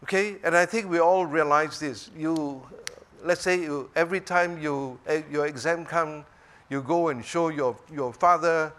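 Speaking in a high, fairly bright voice, a male preacher delivers his sermon slowly and emphatically. He keeps stopping to make sure his listeners are following along.

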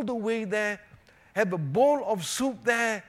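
A male pastor delivering a sermon in a fairly high, very lively voice that leaps up for emphasis and drops low for asides. He keeps the congregation with him through constant tag questions and casual fillers. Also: slow. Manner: animated, swings between emphatic highs and quiet low asides; frequent "you know" and "right?" tag questions.

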